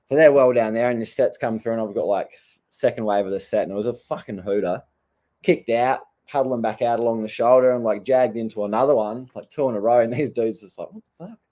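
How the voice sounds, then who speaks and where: A man's voice: mid-range voice, brisk, warm tone. An Australian man who surfs, telling stories in a casual, blunt rant full of swearing. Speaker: surfer vlogger. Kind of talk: casual ranting storytelling.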